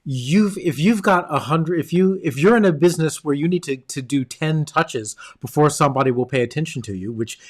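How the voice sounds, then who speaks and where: A man's voice: a little high, a little fast, hardly any pauses. A man hosting a podcast interview, reflecting thoughtfully on a guest's story in casual chat. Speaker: podcast host.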